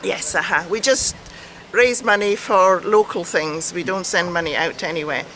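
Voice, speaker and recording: An older woman from Wales with a Welsh accent, volunteering at a community shop and chatting casually in a street interview with brisk, cheerful affirmations. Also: lowish voice, a bit bright. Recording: noisy outdoor street recording.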